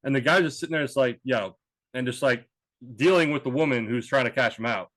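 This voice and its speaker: A man's voice: medium pitch, a little fast, fairly bright tone, no echo. Rambling man telling a story, dry mic. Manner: rambling storyteller, frequent restarts and swearing. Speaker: podcast co-host. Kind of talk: casual chat.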